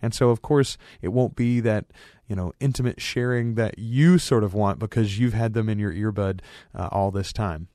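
A male podcast host talking casually, chatty and warm, with fillers. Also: on the low side, normal speed, dry recording, clean studio sound. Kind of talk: casual sign-off talk.

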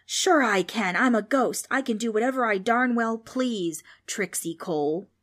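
A woman's voice: on the high side, unhurried, pitched above the performer's own voice. A woman voicing a brash, boastful ghost with a folksy, mocking way of talking. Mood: taunting.

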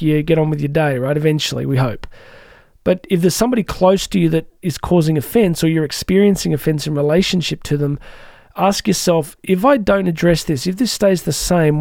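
Male podcast host, dry close sound, warm dark timbre, conversational coach with frequent asides. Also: high voice, no echo. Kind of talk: reflective podcast talk on personal growth.

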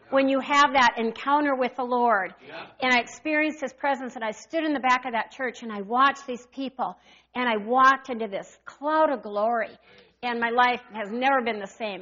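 A woman in her sixties preaching a sermon, animated and calling out to the congregation for responses. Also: a little high, moderate pace, dull audio.

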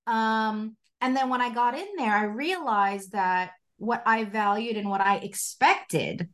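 Her voice a little high and her pace unhurried, this spiritual life coach in her forties shares a personal story in a casual interview. She's animated and expressive and laughs often.

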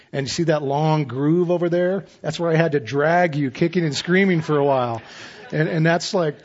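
A man in his fifties preaching a sermon as pastor, relaxed and conversational with self-deprecating humor. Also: medium pitch, muffled recording.

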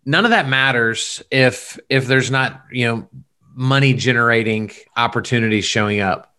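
A man's voice: mid-range voice, normal speed, bright, forceful tone. A man hosting a casual interview, talking in a laid-back, enthusiastic way. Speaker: podcast host.

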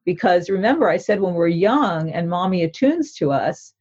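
A woman's voice: lowish voice, animated, normal speed, darkish tone, slightly rough, lo-fi sound. A woman therapist explaining a mindfulness practice in an interview, in an earnest, instructive way that often checks in with the listener. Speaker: therapist author.

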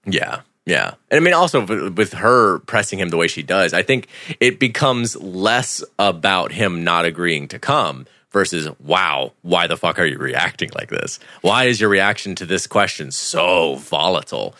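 Deep, lively-voiced man chatting. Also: moderate pace, few pauses, dry recording. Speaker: film discussion co-host. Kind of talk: casual film breakdown chat.

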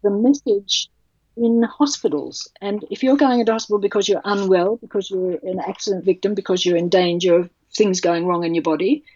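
A woman's voice: medium pitch, a little fast, a little mellow, no echo, lo-fi sound. A woman, speaking passionately and bluntly as a childbirth educator in an interview. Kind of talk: podcast interview.

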